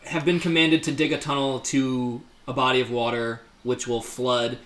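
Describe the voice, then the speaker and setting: A man's voice: medium pitch, little pitch movement, fairly bright tone. Rambling man in an echoey room. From upstate New York. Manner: rambling, halting, many fillers and restarts. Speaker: podcast co-host. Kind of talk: casual chat.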